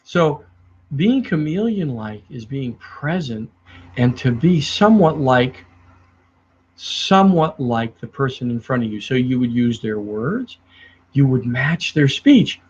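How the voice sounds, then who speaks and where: A middle-aged man who trains salespeople. He talks in a lively way to the camera and acts out his clients as he tells stories. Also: on the high side, a little slow, breathy edge. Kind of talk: speaking to the camera about selling. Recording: dull lo-fi sound.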